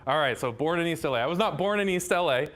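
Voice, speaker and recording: A man's voice: on the high side, expressive, quick pace, a bit bright. A man from Southern California, a math professor giving a chatty, enthusiastic public lecture, often tossing "right?" asides to the audience.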